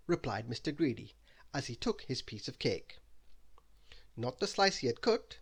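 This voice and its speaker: A man reading a bedtime story aloud in an expressive, lively way. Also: medium pitch, moderate pace, vocal fry, breathy edge.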